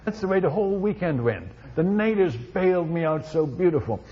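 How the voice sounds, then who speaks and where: A male missionary telling a testimony story in an animated way, with many restarts, on a dull recording. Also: on the high side, fairly quick, slightly rough. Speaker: missionary speaker.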